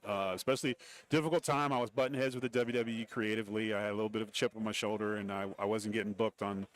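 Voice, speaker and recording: Middle-aged male guest, low-pitched and quick, lively anecdotes with impressions. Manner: animated storyteller, acts out quoted voices. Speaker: guest, former wrestler and TV commentator. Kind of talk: casual interview storytelling. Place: radio row broadcast booth.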